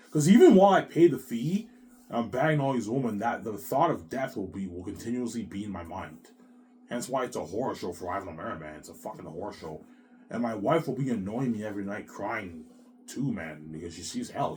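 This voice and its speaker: A man with a low, deep voice talks on and on in an emotional, rambling monologue. He sounds agitated and circles back to the same points, swears a lot and keeps calling the listener "man.". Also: expressive, fairly quick, darkish tone, slight background noise.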